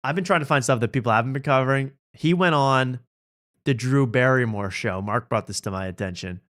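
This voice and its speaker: On his comedy podcast, a male host reacts to talk show clips with sarcastic jokes, laughing often. He has a medium-pitched, slightly bright voice and speaks a little fast.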